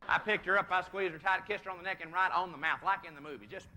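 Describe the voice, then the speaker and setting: A man's voice: high-pitched, very fast, sharp tone. A man telling a rambling family story in a folksy, drawling way from a played video. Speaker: storyteller on stage.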